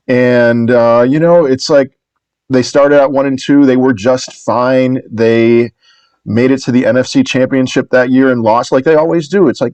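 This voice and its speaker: A man's voice: mid-range voice, moderate pace, a little mellow, dry recording. A man giving casual video commentary on markets, rambling and upbeat, often restarting and correcting himself. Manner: upbeat and reassuring.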